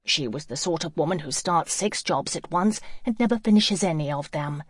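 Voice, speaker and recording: A woman reads a novel aloud in a calm, even storytelling manner. Her voice sits fairly low. The sound is dry and close, with no room around it. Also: moderate pace, breathy edge, dry recording. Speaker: audiobook narrator. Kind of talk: scripted narration.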